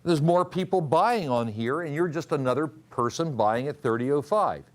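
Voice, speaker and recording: A fairly high-pitched, animated man teaches trading at a normal speed. His classroom lecture is built on quizzing students, drilling their answers, and restating key rules.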